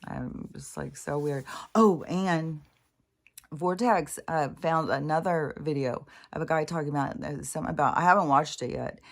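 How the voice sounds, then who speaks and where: A woman's voice: deep voice, moderate pace, vocal fry. A middle-aged woman talking in a rambling, casual monologue, swearing freely, laughing often and trailing off mid-thought. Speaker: spiritual vlogger.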